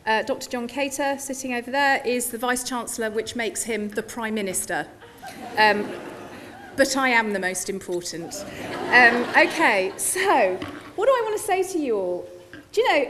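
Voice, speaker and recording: A woman's voice: a little high, a little hiss or hum. Playful woman chancellor addressing graduates. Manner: playful, joking, warm to the audience. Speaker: university chancellor. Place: large hall.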